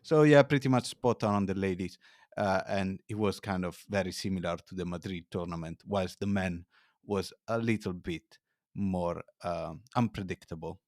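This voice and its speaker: A man as a podcast guest, telling stories in a casual, animated way. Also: deep voice, normal speed, no room sound, clean studio sound. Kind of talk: casual chat.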